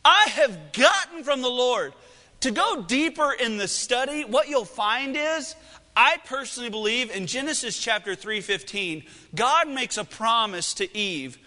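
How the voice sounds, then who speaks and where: A man preaching a sermon as pastor, swinging from loud, excited lines to hushed, slow ones. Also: very high voice, in a large hall.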